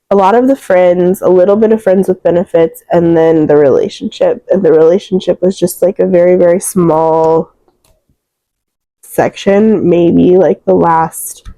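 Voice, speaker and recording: A young woman with a low, mellow voice talks through her reading list in a loose, rambling way, full of fillers. She sounds emotional, close to tears, and the sound is dry and close. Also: dry recording, low-quality recording. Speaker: book reviewer. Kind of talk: casual book wrap-up chat.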